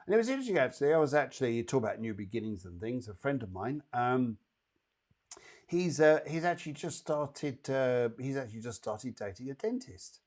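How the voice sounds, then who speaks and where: A man hosts a live psychic show and gives quick mini readings to viewers. His voice sits at a medium pitch. He is chatty and reassuring and talks directly to the people he reads for. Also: sing-song, a little mellow.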